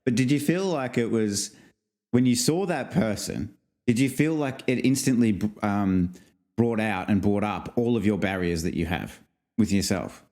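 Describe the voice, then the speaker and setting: Speaking at a moderate pace, this man has a fairly low, animated voice with a darkish tone. He co-hosts a podcast, chatting casually, laughing a lot, and wandering through stories with filler words.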